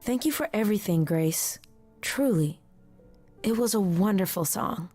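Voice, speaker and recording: A grieving goddess, devoted and tired, speaking softly and in a measured way at a middle pitch. Faint music runs under the game dialogue. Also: female voice, lively intonation. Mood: sorrowful.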